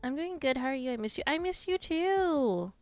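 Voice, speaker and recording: A woman's voice: sits high, lively intonation, moderate pace, a little mellow, soft background music. A young woman chatting to her stream viewers while gaming, telling a story with lots of fillers and restarts.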